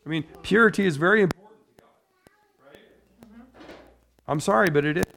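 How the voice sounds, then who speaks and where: A man's voice: high-pitched, moderate pace, gravelly, a bit bright, a little hiss or hum. A middle-aged man preaching a casual, conversational sermon, wandering into personal stories and often checking in with "right?". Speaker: pastor.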